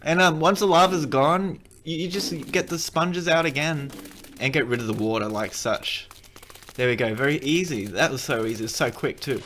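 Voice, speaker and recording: Over a noisy background, a gaming video creator plays and talks through a tutorial in a rambling, jokey manner, often correcting himself. He speaks at a moderate pace with a voice on the high side.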